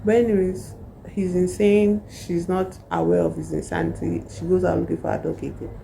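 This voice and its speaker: A woman's voice: lowish voice, lively intonation, normal speed, creaky, dark tone, a little hiss or hum, rough recording. A woman, casually retelling a novel's plot in a rambling way full of asides. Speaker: book reviewer.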